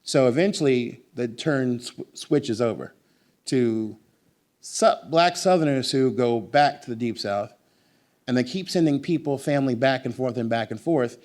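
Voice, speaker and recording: Animated man at a bookstore talk. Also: medium pitch, measured pace. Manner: animated, digressive, emphatic. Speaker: author and guest. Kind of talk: bookstore author conversation. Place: bookstore event.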